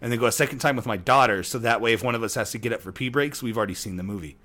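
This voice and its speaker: Casual podcast co-host, man in his 30s, mid pitch, animated storyteller who rambles. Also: very fast. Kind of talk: casual chat.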